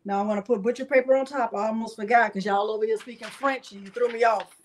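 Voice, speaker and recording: A woman's voice: fairly high pitch, fairly even intonation, quick pace. A woman hosting a live crafting tutorial, chatty and playful as she jokes with her viewers. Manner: chatty and playful, joking with chat. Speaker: crafting channel host.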